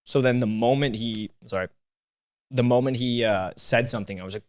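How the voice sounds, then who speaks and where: A young man, a comedian guest on a podcast, telling animated, profane stories in a studio and acting out what people said. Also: mid-range voice, fairly quick. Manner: animated, profane, acts out quoted voices. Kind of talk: casual podcast chat, storytelling.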